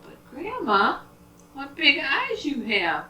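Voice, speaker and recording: A woman's voice: high voice, wildly swooping pitch, slow pace, bright, forceful tone, voice pushed up, full character voice. A woman voicing an innocent little girl in a red hood, earnest and wide-eyed. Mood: wondering. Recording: roomy, distant home recording.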